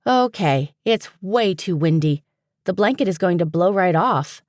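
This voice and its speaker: A woman voicing an exasperated, quick-tempered young woman who is a librarian. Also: lowish voice, animated, darkish tone, dry recording, studio quality. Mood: brisk. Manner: exasperated, snappy.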